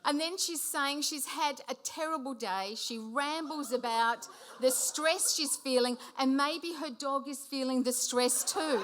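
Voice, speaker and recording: A woman in her late fifties telling a funny personal story on stage to a live audience, animated and often laughing as she speaks. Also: sits high, slow pace. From Sicilian heritage. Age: 50s. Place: hall before a live audience.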